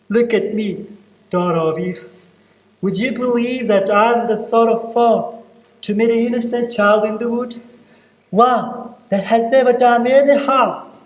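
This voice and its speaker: A man playing a guilt-ridden faun, high voice on a far-off stage. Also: a little mellow. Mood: confessing. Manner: wistful, then tearful and pleading. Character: remorseful gentle male faun, tearful and guilty. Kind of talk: stage play acting. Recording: echoey stage hall from far off.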